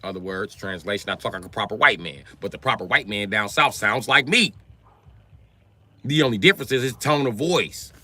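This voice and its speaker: Brash, bright-voiced man ranting on a stream. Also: animated, brisk. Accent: African American Vernacular English. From United States. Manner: profane, brash, swings between loud outbursts and low mutters. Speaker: livestream host. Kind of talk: casual livestream rant.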